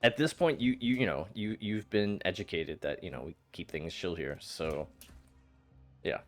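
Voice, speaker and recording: A man's voice: low-pitched, moderate pace, faint music behind. A man streaming a game, chatting casually with his chat, playful and teasing, often laughing and stammering. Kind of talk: casual live-stream chat while gaming.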